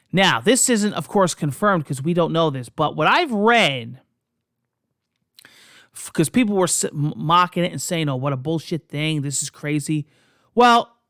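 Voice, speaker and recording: A gaming video host chatting excitedly about console news, rambling through restarts and scoffing at critics. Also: mid-range voice, dry recording, clean studio sound. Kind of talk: casual gaming news vlog.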